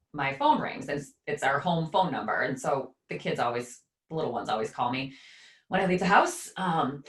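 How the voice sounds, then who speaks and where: Woman podcast cohost telling a story, lots of acted-out quotes, kinda low voice. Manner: animated storyteller who acts out quoted voices. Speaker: podcast co-host. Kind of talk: casual chat, personal storytelling.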